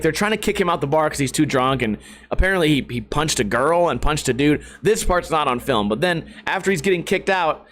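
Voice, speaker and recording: A man hosting a casual solo podcast, talking in a brash, profane and excitable way. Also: a little high. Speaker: podcast host.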